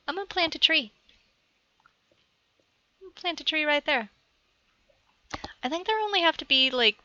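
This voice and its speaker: A woman's voice: fairly high pitch, bright, forceful tone, lo-fi sound. A woman chattily narrating a video game tutorial from her computer at home, talking aside to her cat as she plays. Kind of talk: rambling gameplay tutorial.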